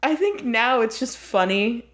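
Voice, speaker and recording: A woman's voice: on the high side, lively intonation, a little slow, a bit bright. A woman hosting an advice podcast who reads a story aloud in a casual, chatty way and often breaks into laughter. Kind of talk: casual chat.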